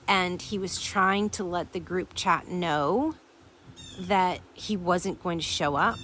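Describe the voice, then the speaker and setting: A woman hosting a recovery support show, telling a story in a chatty, animated way and addressing listeners directly. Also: on the low side, slight background noise. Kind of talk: storytelling to an audience.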